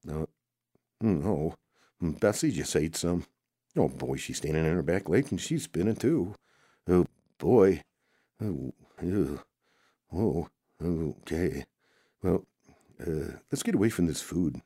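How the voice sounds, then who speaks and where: A man's voice: deep voice, lively intonation, slow pace, long pauses, warm tone, husky, no room sound, clean studio sound. A man improvising a rambling story, talking through it with many "oh boy" exclamations.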